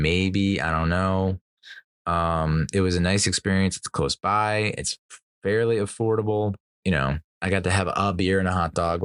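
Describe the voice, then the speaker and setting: This podcast host, a man in his thirties, swears, laughs a lot, and wanders through stories in a casual chat. His voice sits low yet sounds fairly bright, clear, and resonant, recorded at studio quality without room sound.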